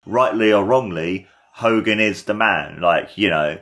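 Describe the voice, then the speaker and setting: A young man hosts a casual watchalong and talks in a slightly low voice. He gushes and rambles with plenty of excitement. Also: a little slow. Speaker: podcast host.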